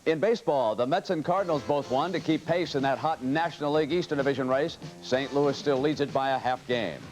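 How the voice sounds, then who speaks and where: A man delivering a brisk, authoritative network sports news update. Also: mid-range voice, music in the background, low-quality recording.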